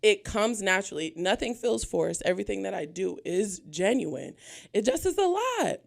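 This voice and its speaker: A woman hosts her own podcast and chats in a loose, casual way. She sounds nervous and slightly out of breath, and she laughs often as she opens up. Her pitch sits in the middle range for a woman. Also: big pitch swings, normal speed, creaky. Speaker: podcast host. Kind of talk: casual chat, being interviewed.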